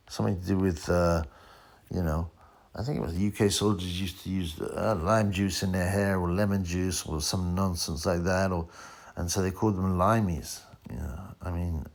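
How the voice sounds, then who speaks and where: A middle-aged man hosting his own channel, talking in a relaxed, meandering way. His voice sits on the low side. He wanders between thoughts, drops fillers and the occasional swear word. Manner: rambling, loose, peppered with fillers and swearing. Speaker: boxing channel host. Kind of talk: casual film chat.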